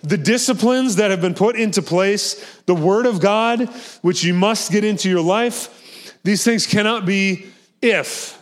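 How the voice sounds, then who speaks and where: A pastor delivering a sermon with earnest, emphatic force. His voice sits a bit higher than most men's. He often repeats key words and phrases to press a point home. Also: a little slow.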